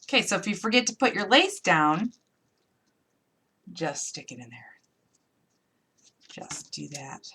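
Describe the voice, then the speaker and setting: This crafting demo host is a woman from upstate New York, leading a live tutorial in a playful, chatty way and narrating every step as she works it out aloud. Her lowish voice swings widely in pitch, and she speaks unhurriedly with long pauses. There's noise in the background.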